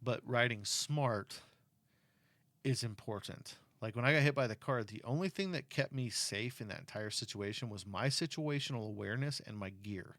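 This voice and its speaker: A middle-aged man chatting casually with his kid, telling stories in an animated way and turning earnest and cautionary on safety. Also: mid-range voice, moderate pace, dry recording. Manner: animated storyteller who acts out quotes; earnest and cautionary when talking about safety. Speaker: parent talking with his kid. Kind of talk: casual chat.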